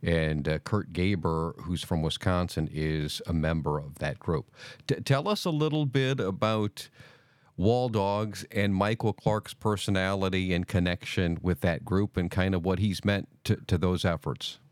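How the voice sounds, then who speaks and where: Radio host guy, really deep smooth voice, slow careful questions, dry sound. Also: no room sound. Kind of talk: radio interview.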